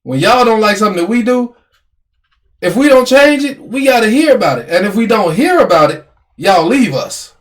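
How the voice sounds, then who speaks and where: Animated man with a high, slightly hoarse voice. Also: normal speed. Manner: animated, complaining, repeats himself. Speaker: podcast co-host. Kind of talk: casual argumentative chat.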